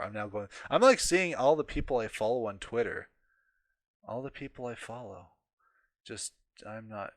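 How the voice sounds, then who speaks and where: A man's voice: lowish voice, a bit bright, no room sound. A man ranting heatedly as he reads an article aloud for his commentary vlog, swearing often and mocking its author. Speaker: political commentary vlogger. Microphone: home desk microphone.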